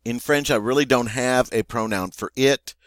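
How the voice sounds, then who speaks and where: A man's voice: medium pitch, moderate pace, a bit bright, dry recording. A man teaching French grammar, explaining patiently with fillers and checking in with "okay".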